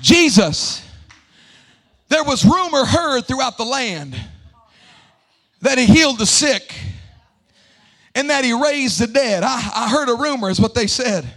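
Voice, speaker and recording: A pastor in his forties preaching a sermon in a church, shouting in a sing-song cadence. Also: very high-pitched, animated, unhurried, pauses often. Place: church sanctuary.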